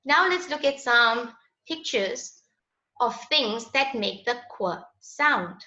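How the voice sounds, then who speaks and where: A woman leads a children's phonics lesson at an unhurried pace, patient and sing-song. Her voice is bright and clear. The recording is roomy with a dull lo-fi sound. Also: fairly high pitch, expressive. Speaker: teacher. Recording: echoey, dull lo-fi room sound.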